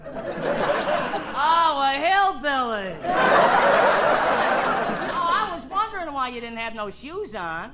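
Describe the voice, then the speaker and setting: Brash Brooklyn cab driver, Brooklyn accent, 1940s radio comedy, hissy broadcast. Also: male voice, extremely high pitch, very animated, exaggerated voice. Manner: fast-talking tough-guy wisecracks. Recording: noisy old radio broadcast recording.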